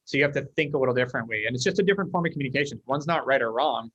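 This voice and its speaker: A man from the United States, a guest in a casual interview, telling stories quickly and acting out the dialogue. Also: mid-range voice, husky, dry recording, lo-fi sound. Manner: fast, animated storyteller acting out dialogue. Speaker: guest, company leader.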